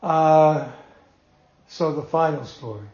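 An older man telling a long personal memory, animated and emotional, with laughs between lines. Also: a little high, takes it slowly. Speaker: storyteller recalling his teacher. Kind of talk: reminiscing storytelling. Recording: roomy, muffled room sound.

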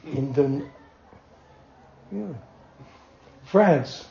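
An older man tells a story to a small group, acting out quotes and chuckling along. His voice is soft and mellow and he takes his time. The recording is dull and lo-fi, in an echoey room. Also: on the high side, gravelly. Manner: slow, animated storyteller who acts out quotes and chuckles. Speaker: devotee telling memories.

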